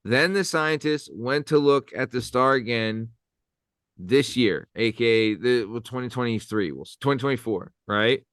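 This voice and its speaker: A hoarse young man co-hosting a comedy podcast, rambling playfully with lots of fillers and goofy asides. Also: mid-range voice, moderate pace, a bit bright, no echo, studio quality. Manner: rambling, playful, full of filler and silly voices. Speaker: podcast co-host.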